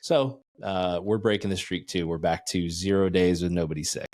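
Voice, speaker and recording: A man's voice: low voice, steady tone, moderate pace, darkish tone. A man in his thirties co-hosting a dad podcast, telling family news in a plain, matter-of-fact way with fillers. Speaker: podcast co-host. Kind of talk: casual chat.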